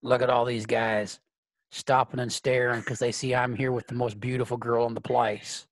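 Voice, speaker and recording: A man's voice: mid-range voice, level tone, moderate pace, no echo, voice pushed down, lightly acted. A man voicing a brash, smitten man with a mullet and rhinestones in a scratchy voice, stammering and crude. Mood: smug.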